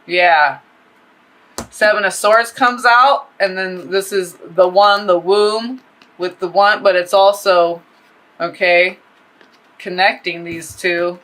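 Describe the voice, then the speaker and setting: A woman giving a casual tarot reading, talking in a rambling, profane and animated way. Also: fairly low pitch, slow pace, low-quality recording. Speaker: tarot reader.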